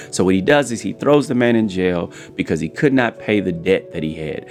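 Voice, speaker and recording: A man hosting a daily devotional show, preaching and retelling a parable in an energetic, folksy way. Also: sits low, fairly quick, few pauses, soft background music. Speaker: host.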